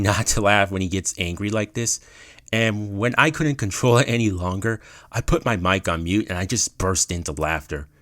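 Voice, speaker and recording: A young man with a lowish voice tells a gaming story in a loose, casual way, cursing freely. His pitch swings widely as he narrates, and the sound is close and dry with no room echo. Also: fairly bright tone. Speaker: YouTuber telling a gaming story.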